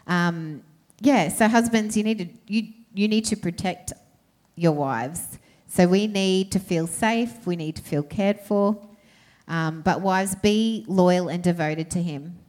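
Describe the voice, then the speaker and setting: A woman preaching to a congregation. She speaks conversationally with many fillers and directly addresses the wives and ladies listening. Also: mid-range voice. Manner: warm, conversational with frequent fillers. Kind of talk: sermon.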